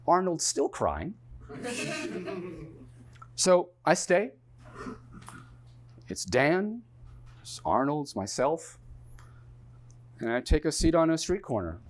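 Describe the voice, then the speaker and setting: Sex: man. Role: stage comedian. Style: one-man storytelling. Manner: animated, slightly high-pitched, trips over words. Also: husky. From New York. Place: theatre stage.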